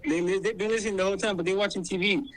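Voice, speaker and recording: A man's voice: high voice, fairly even intonation, rapid-fire, fairly bright tone. A man in a casual chat, blunt and laid-back, using heavy slang and cursing, speaking over a phone call. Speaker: guest.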